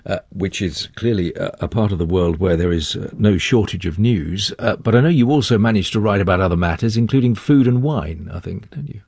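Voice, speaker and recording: A man hosting a radio interview programme, measured and steady, with frequent small fillers. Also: lowish voice, slightly rough, dry recording, studio quality.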